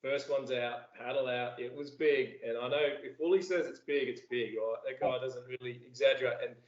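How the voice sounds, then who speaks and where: A man hosting a podcast in relaxed, friendly banter. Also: mid-range voice, normal speed, roomy sound, dull audio. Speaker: podcast host. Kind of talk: casual interview chat.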